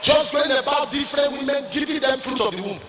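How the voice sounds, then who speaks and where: A middle-aged Nigerian man preaching a sermon as a pastor, shouting his points and repeating lines in a sing-song way. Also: extremely high pitch, quick pace, noisy background. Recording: echoey hall from far off.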